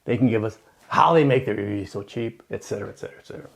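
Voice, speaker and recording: A man's voice: on the low side, very fast, vocal fry. A man hosting his channel, giving a casual, rambling opinion talk with jokes and asides. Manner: animated, joking, rambling with asides. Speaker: channel host.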